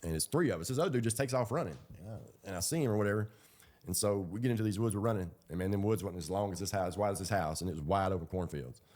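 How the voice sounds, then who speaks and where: Deep fast-talking man. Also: a little mellow. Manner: rambling, colloquial, with fillers and laughs. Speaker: ex-prisoner telling his story. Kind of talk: casual storytelling.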